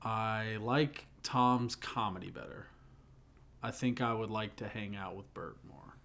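A man's voice: on the low side, a little slow, creaky, fairly bright tone, a little hiss or hum. A young man co-hosting a podcast, chatting casually and joking as he retells a comedy bit. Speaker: podcast co-host. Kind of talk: casual chat.

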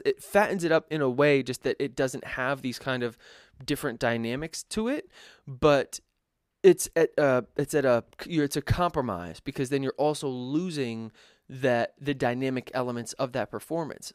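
A man's voice: medium pitch, no room sound, studio quality. A man who produces music, answering viewer questions in a loose, chatty tutorial with many fillers and restarts. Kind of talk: casual tutorial Q&A.

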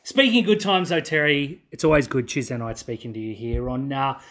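A man's voice: medium pitch, a little fast, a bit bright. A man co-hosting a podcast, chummy and easygoing, often restarting his words. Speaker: podcast co-host. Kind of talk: casual podcast chat.

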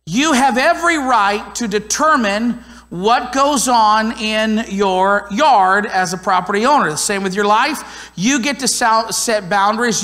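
A man's voice: high voice, pushed and bright. A man preaching a sermon as a pastor, talking in a conversational, earnest and emphatic way. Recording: long hall reverb.

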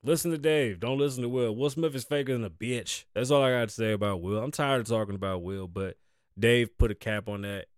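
A man hosting a podcast in casual chat, blunt and profane, shifting between low, weary venting and loud, hyped bursts. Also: clear, resonant tone, no room sound, studio quality. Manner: profane, blunt and frank, slangy. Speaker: podcast host.

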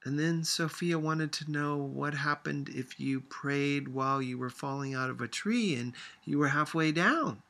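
A man reading a novel aloud for a class, in a measured storytelling manner. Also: vocal fry. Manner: measured storytelling, lively swings in pitch. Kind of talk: audiobook-style reading aloud.

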